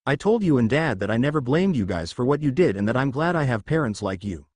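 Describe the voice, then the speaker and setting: A man's voice: medium pitch, big pitch swings, fast, darkish tone, no room sound. A man voicing a brash, cheeky young male hero in a fan fiction reading, in a raised voice. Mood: tearful.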